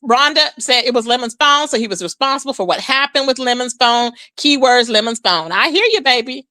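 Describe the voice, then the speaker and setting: A high, bright-voiced woman hosts a chatty gossip livestream, swooping up and down as she talks to her chat. Her voice sits close and dry on the mic, with no room around it. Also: fairly quick, no room sound. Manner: chatty, animated, calls viewers "child" and "baby". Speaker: livestream host.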